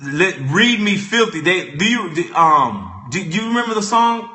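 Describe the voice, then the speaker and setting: A young man telling a comic story as a vlogger, animated and repetitive, stumbling over restarts. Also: sits high, normal speed. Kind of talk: comedic storytelling rant. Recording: echoey room.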